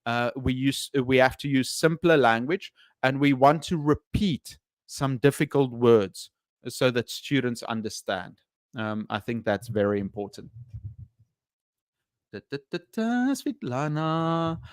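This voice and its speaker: Male English teacher chatting on a live stream; hesitant, lots of fillers, smooth tone. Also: medium pitch, unhurried, dry recording, clean studio sound. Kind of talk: casual live stream chat.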